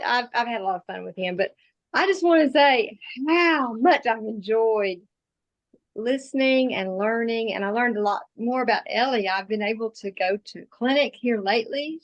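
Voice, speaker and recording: A woman co-hosting a live video-call show, gushing warmly and laughing often. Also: on the high side. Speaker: co-host. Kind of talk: casual Zoom talk show chat.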